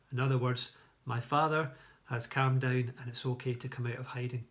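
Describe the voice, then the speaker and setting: A man's voice: medium pitch, little pitch movement, normal speed, fairly bright tone. A man from a church reading a Bible story aloud, adding plain storytelling asides as he goes. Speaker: church leader.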